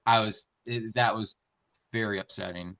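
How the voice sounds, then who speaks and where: A man in casual podcast chat, telling personal stories in an earnest, halting way. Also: fairly low pitch, steady tone, a bit bright, rough recording. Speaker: podcast co-host.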